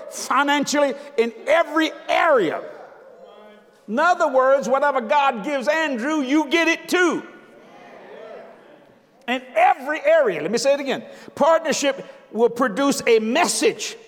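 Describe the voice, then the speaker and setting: An older man preaching a sermon, emphatic and joking, now and then breaking into shouts. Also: extremely high pitch. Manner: emphatic, jokey preaching with sudden shouted lines. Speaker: visiting preacher. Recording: long hall reverb.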